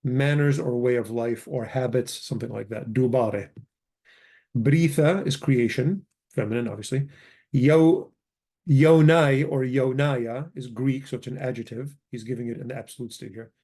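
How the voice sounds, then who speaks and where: Guy teaching a language class, warm mellow voice, keeps correcting himself. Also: mid-range voice, normal speed, husky. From Chaldean community. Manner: explains patiently, corrects himself often. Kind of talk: casual grammar lesson.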